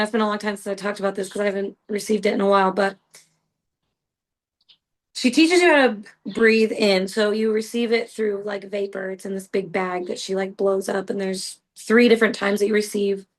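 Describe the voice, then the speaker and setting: A woman's voice: mid-range voice, poor audio. Woman, podcast host, casual storytelling, earnest, rambling, lots of fillers. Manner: earnest, rambling, heavy use of "like" and "you know".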